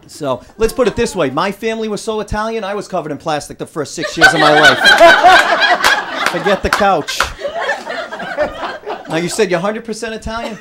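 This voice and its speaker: Brash stand-up comic. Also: male voice, high voice, moderate pace, pauses often. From Rhode Island, USA. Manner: brash, punchy, working the crowd. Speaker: stand-up comedian. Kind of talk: stand-up routine. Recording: live club recording, audience laughter. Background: crowd laughter, noise.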